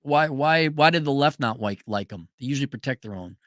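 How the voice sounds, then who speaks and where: A man's voice: mid-range voice, animated, fairly quick, fairly bright tone, no echo, clean studio sound. A man hosting a livestream, reading viewer super chats and answering them in a blunt, sarcastic rant. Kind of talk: livestream commentary.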